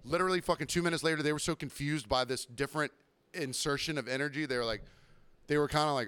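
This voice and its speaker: A man's voice: mid-range voice, fast talker, fairly bright tone, clear, resonant tone, no echo. A man hosting a podcast, telling a story in casual chat, rambling and swearing often. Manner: profane, rambling, with acted quotes. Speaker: podcast host.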